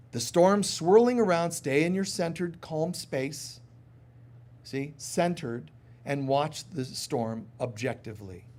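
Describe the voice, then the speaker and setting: Slightly high-voiced man preaching conversationally. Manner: conversational and humorous, acting out little voices; drops to soft, quiet tones on serious points. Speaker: spiritual teacher. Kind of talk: live sermon.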